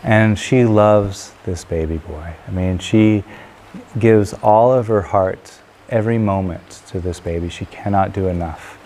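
Man telling an old parable, low deep voice, relaxed, little bit of room hum. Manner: relaxed, unhurried, with filler pauses. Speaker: storyteller. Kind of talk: spoken parable storytelling.

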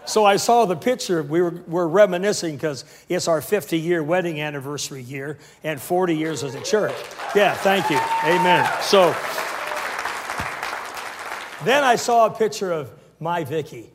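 A man's voice: on the high side, moderate pace, a crowd in the background, background noise. A man in his sixties preaching a sermon with call-and-response and humorous asides. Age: 60s. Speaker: pastor.

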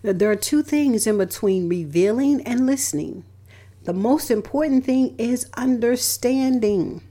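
A woman's voice: fairly high pitch, lively intonation, unhurried, dark tone. A middle-aged woman, a radio host and relationship counselor, giving motivational talk in an emphatic, repetitive way, hammering home points with lists. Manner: emphatic and repetitive, stressing key words with lists.

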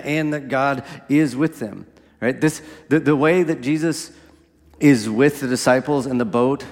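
In a large hall, a man with a medium-pitched voice delivers a sermon in a conversational way. He keeps checking in with his listeners, often asking "right?"

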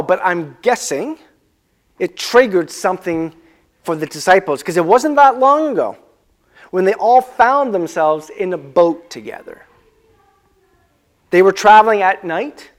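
In a high-sitting voice, this man preaches in a conversational way, questioning the congregation and slowing his pace to emphasize important words.

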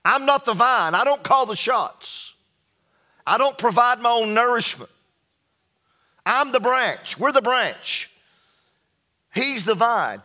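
A man preaching a sermon as pastor, emphatic, reading scripture slowly and dropping his voice low for emphasis. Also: big pitch swings, sharp tone. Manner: slow, emphatic preaching with dramatic drops in pitch and volume; reads scripture slowly and deliberately.

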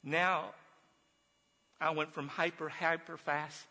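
A man giving an earnest personal testimony to a group, telling his story haltingly with restarts. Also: a little high, level tone, bright, forceful tone. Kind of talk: personal testimony talk with slides. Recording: long reverb of a hall.

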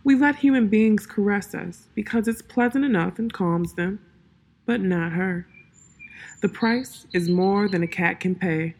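A woman voicing a proud, sleepy male cat who speaks slowly and softly in riddles, with a breathy voice. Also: mid-range voice. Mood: aloof, solemn. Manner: slow, soft, sleepy drawl.

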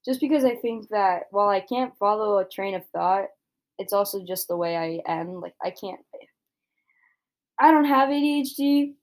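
A woman's voice: mid-range voice, normal speed. A young woman hosting a solo podcast, rambling casually and self-deprecating, swearing a lot. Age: young adult. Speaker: podcast host.

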